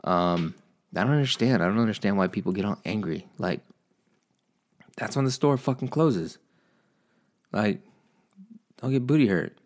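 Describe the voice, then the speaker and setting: A man casually vlogging from home, a profane, animated storyteller who rants about his day. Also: fairly low pitch, moderate pace, long pauses. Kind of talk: casual rambling monologue.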